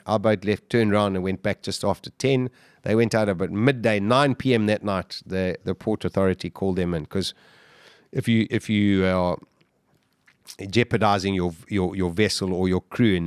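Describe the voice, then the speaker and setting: A man, a podcast guest, telling his survival story in an animated way, full of restarts and repeated words. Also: on the low side, clean tone, no room sound, studio quality. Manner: vivid, animated retelling with restarts. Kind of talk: interview storytelling.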